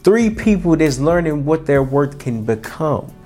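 A man's voice: on the high side, very animated, a little slow, warm tone, soft background music. A young man hosting a podcast, giving an earnest, colloquial motivational talk with frequent restarts and repetitions. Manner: earnest, repeats himself, colloquial. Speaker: podcast host.

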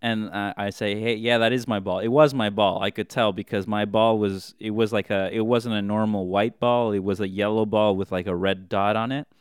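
A man with a low, smooth voice spins a long, meandering comic tale. He restarts and corrects himself as he goes. The sound is close and dry. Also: steady tone, normal speed, hardly any pauses, dry recording. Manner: rambling, self-correcting storyteller. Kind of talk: casual rambling anecdote.

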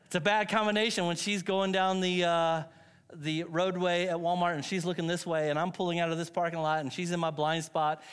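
A man's voice: sits high, flat delivery, fairly quick, a bit bright, smooth. A middle-aged man preaching a sermon as pastor, telling stories with self-mocking humor and frequent laughs.

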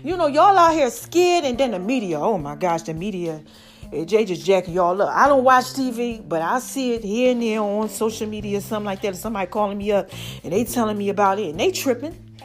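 A woman's voice: mid-range voice, a little fast, faint music behind. A woman hosting a podcast, talking casually and with lots of animation to her listeners. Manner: chatty and animated, addresses listeners as "y'all" and "child". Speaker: podcast host. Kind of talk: casual motivational podcast talk.

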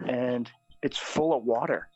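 A middle-aged priest tells his stories with animated energy and often laughs along. His voice sits at an ordinary pitch. The recording is dry and a little dull. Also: a little slow, slightly rough, dry recording. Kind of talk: casual storytelling. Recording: slightly dull, dry audio.

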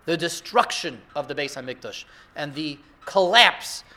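High-pitched, bright-voiced rabbi giving a sermon. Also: male voice, a little slow. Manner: rhetorical, builds to excited emphasis. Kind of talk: Torah sermon.

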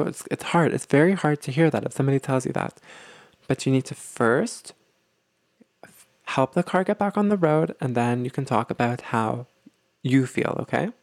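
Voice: medium pitch, normal speed, no room sound, clean studio sound. A teacher of a relationship series explaining things step by step, often stopping to check in with "okay?". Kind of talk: explanatory lesson talk.

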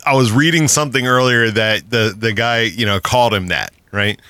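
A man's voice: medium pitch, normal speed, pushed and bright, smooth, no echo. A man hosting a casual podcast chat, ranting with lots of swearing and frequent laughter. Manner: profane, ranting, laughs often. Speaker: podcast host.

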